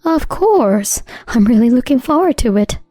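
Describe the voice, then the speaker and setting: A woman voicing a gentle, frail older mother who never complains. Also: high voice, animated, moderate pace, no room sound, clean studio sound, soft background music. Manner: soft, uncomplaining.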